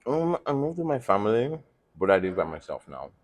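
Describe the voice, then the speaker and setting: A man from Nigeria interviewing a guest in a casual chat, unhurried and laughing between questions. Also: medium pitch, big pitch swings.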